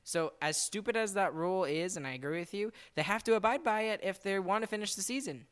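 A man's voice: high voice, expressive, quick pace, a bit bright, clear, resonant tone. Guy hosting a sports podcast, rambly and fed up, laughs a lot. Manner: rambling, exasperated, laughs often. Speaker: podcast host. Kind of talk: casual chat.

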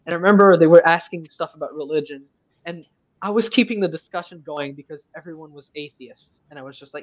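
An eighteen-year-old man, a native French speaker from Quebec, chats as a guest on a stream, his voice sitting a bit high for a man. He rambles, restarting sentences and filling gaps with "uh" and "like". The sound is close and dry, with no room around it. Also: steady tone, fast talker, dry recording, rough recording. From Quebec, Canada. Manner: rambling, lots of fillers and restarts. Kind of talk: casual chat.

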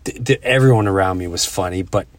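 A man's voice: sits low, dry recording. Middle-aged man telling stories casually. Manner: storytelling, halting restarts. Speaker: podcast host. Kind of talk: casual chat.

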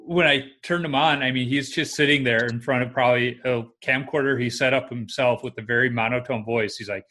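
A man with an ordinary mid-range voice hosts a relaxed talk. He tells stories in a chatty, easygoing way, with the odd filler word. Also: medium pitch, fairly quick, few pauses. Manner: chatty anecdotal storytelling. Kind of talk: casual conversation.

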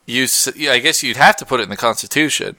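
A man's voice: medium pitch, fast, pushed and bright, dry recording. A man co-hosting a casual talk show, rambling and correcting himself as he goes. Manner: rambling, self-correcting, laughs often. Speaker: podcast co-host. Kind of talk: casual chat.

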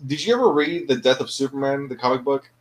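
A man's voice: mid-range voice, fast talker. A man co-hosting a podcast, chatting casually and asking questions. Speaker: podcast co-host. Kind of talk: casual chat.

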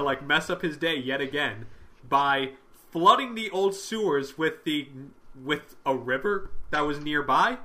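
A man co-hosting a casual podcast, recapping comic issues and acting out the characters' lines with plenty of swearing. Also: fairly high pitch. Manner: animated, acts out characters' lines with profanity. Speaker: podcast co-host.

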